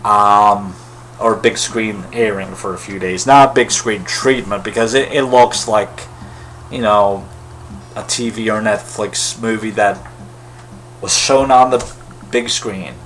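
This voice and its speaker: A man's voice: fairly low pitch, steady tone, takes it slowly, fairly bright tone, slight background noise, poor audio. A man giving a casual, rambling film review in a wry, critical way. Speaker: movie reviewer.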